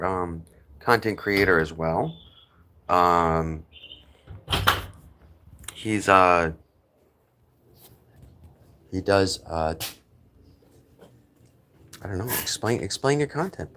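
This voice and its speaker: Middle-aged male streamer with a low, deep voice; loose rambling chat with faint room hiss behind. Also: animated, takes it slowly, pauses often. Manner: rambling, talkative, greets viewers by name. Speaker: livestream host. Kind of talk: casual livestream chat.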